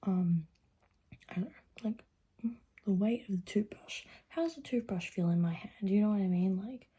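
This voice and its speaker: Husky, mellow-voiced young woman vlogger. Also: mid-range voice, normal speed. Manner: rambling and profane, drifts into whispers. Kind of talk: casual chat to camera.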